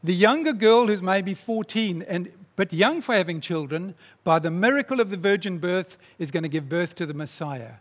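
A man preaching, retelling a story in a dramatic, animated way. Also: high-pitched, moderate pace, few pauses. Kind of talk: sermon storytelling. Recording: long reverb in a large hall.

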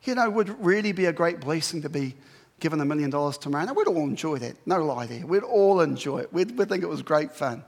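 A man preaching in a church, his voice sitting high for a man. He keeps it conversational and animated and poses questions to the congregation. A long reverb trails behind his words. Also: fast. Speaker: pastor. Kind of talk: sermon.

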